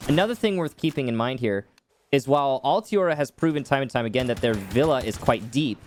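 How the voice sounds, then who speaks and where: A man's voice: medium pitch, slight background noise. Man calling esports play-by-play. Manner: quick, wry play-calling with dry jokes. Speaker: esports caster. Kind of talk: play-by-play commentary.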